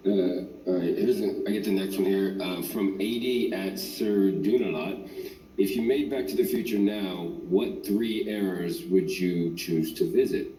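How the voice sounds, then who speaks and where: A man's voice: sits low, unhurried, dark tone, reverberant, a little hiss or hum, rough recording. A man co-moderating a panel, casually reading audience questions.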